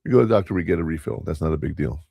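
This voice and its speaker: Gruff radio host, very low voice, dry close sound, talks straight and lectures. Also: male voice, racing, dark tone, no echo. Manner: blunt, lecturing, plain-spoken. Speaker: podcast host. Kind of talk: casual radio talk.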